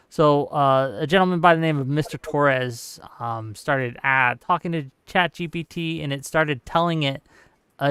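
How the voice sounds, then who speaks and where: A man's voice: a little high, fairly bright tone, clear, resonant tone, no echo, clean studio sound. A man in a casual online debate on a video call, blunt and profane, rambling with fillers. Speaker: debate guest.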